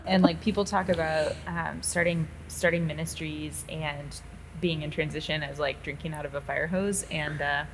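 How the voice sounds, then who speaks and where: Lower-voiced woman co-pastor chatting. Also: steady tone, moderate pace, a little hiss or hum, rough recording. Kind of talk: casual interview conversation.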